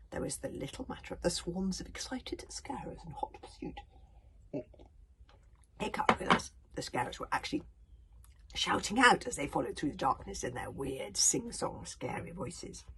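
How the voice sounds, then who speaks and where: Woman narrator, whispered story reading, low voice, lively swings. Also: slight background noise. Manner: hushed whisper with sudden loud bursts and chatty asides.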